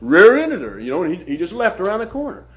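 A man's voice: high voice, huge pitch swings, fast talker, a bit bright, pitched above the performer's own voice, heavily acted. A man voicing an unsure male bystander on a street corner, vague and shrugging, on a dull lo-fi recording.

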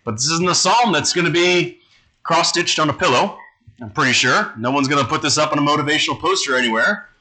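A man preaching a sermon, reading scripture aloud slowly and low, then explaining it in a conversational way. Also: lively intonation, pushed and bright, low-quality recording.

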